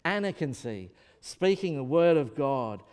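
Animated male preacher in a hall. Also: a little high, unhurried, clean tone. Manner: conversational, asks listeners questions. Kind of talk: sermon. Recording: echoey hall.

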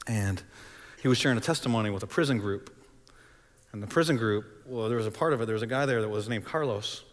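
A man preaching a sermon, telling a story dramatically and swinging between loud and hushed delivery. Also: fairly low pitch, fast, long reverb tail. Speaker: pastor.

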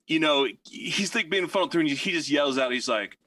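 A man telling a long anecdote in casual podcast chat, rambling and animated with many fillers and restarts. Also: mid-range voice, normal speed, no room sound, far from the mic.

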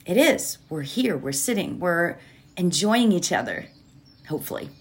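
A woman giving a gentle, reflective motivational talk from home, repeating key phrases and asking rhetorical questions. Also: lowish voice, sing-song, moderate pace. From United States. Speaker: mindfulness speaker.

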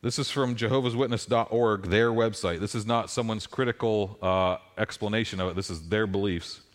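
A man's voice: fairly low pitch, fairly quick. A middle-aged man, a pastor, preaching a sermon and telling stories with rising emphasis. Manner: animated storytelling with rising emphasis.

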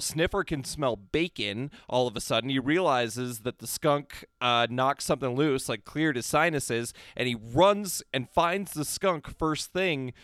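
A man's voice: medium pitch, fairly bright tone, smooth, no echo, clean studio sound. A man co-hosting a podcast, eagerly recapping a movie plot in casual chat. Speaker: podcast co-host.

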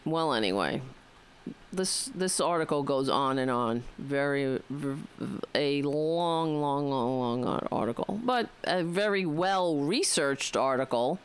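Woman talk radio host, New York accent, rambling and wry, smooth clear voice. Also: low voice, lively intonation, unhurried. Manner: rambling, wry, talks to listeners directly. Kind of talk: casual political talk radio monologue.

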